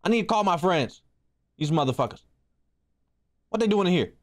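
A young man hosting a livestream, chatting casually with his chat in a loud, joking, profane way that swings into shouting. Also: high voice, animated, normal speed, pauses often, soft background music. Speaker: streamer hosting an art contest.

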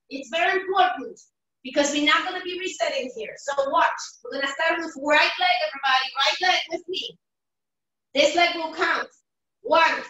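High, bright-voiced woman fitness coach. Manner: energetic, encouraging, calls out counts and cues. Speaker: fitness instructor. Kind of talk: live online workout coaching. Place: home workout room on a video call. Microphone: video call, away from the mic. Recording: echoey room, distant mic.

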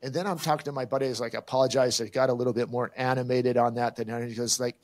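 A man's voice: mid-range voice, steady tone, fast talker, few pauses, darkish tone. An older man co-hosting a podcast, telling a story in casual chat and acting out the exchanges he quotes. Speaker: podcast co-host.

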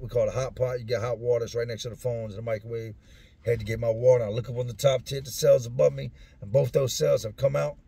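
A man's voice: medium pitch, gravelly, warm tone, slightly rough. A man telling stories from his own past in a casual way, using street slang. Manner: street slang, acts out other people's voices. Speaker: storyteller recounting his prison years. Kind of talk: casual spoken storytelling.

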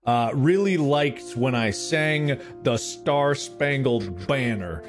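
Over music, a man co-hosting a podcast tells a story slowly in a mid-range voice. Animated in casual conversation, he performs the voices of the story's characters.

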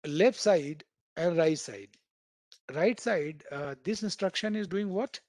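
A man's voice: a little high, takes it slowly, darkish tone, no echo. A man teaching a programming class, explaining with everyday comparisons and checking in with students by asking "right?" after nearly every point. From India. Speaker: programming instructor. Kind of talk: live online coding class.

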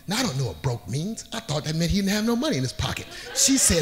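A middle-aged man telling a funny personal story on stage, acting out the scenes and getting louder as the story turns to panic. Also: mid-range voice, brisk. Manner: animated, acts out scenes, voice rises when panicked. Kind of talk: live comedic storytelling.

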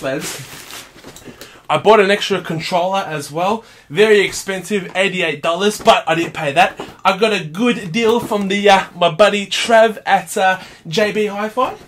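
A man with a fairly high voice, unboxing a game console on camera. He talks in an unhurried way but keeps getting excited, peppering everything with "mate". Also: slight background noise. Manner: excitable, says mate a lot. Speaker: gaming vlogger. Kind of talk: casual unboxing chatter.

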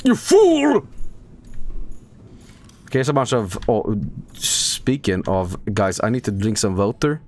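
A man streaming a video game live, talking to his chat in a casual, excitable way, swearing often and breaking into loud repeated exclamations. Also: on the low side, moderate pace. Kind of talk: live gameplay commentary.

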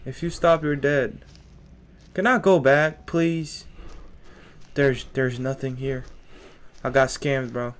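Jittery young man playing a horror game. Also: medium pitch. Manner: jittery, scared, talks to himself and the monster; slangy, keeps saying bro. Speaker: gaming streamer. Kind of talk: horror game let's play commentary.

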